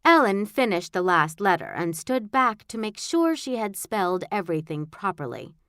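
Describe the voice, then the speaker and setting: In a mid-range voice at normal speed, a woman narrates a scripted children's audiobook with a wry, expressive storytelling style. The recording is clean studio sound with no room sound.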